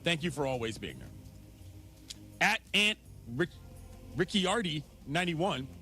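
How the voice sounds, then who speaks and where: A man's voice: sits high, pushed and bright. Joking sports radio host man. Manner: joking, quick, playful. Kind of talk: casual sports talk radio.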